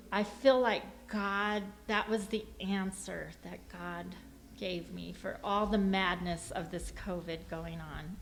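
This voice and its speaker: Gravelly-voiced middle-aged woman telling a testimony. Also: medium pitch, a little hiss or hum. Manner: lively storyteller, acts out quoted dialogue, laughs often. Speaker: church member giving a testimony. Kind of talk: personal testimony storytelling.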